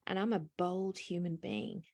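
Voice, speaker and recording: A woman's voice: fairly low pitch, sing-song, normal speed, dark tone. An older woman from South Africa with a South African accent, a guest chatting on a video call about her life and work. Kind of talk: casual video call chat.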